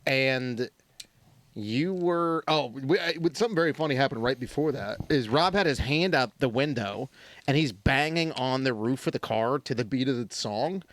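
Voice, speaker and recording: A man's voice: medium pitch, animated, normal speed, fairly bright tone, dry recording. A man co-hosting a podcast in casual chat, teasing his friend while he recounts the friend's gross mishaps. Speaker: podcast co-host.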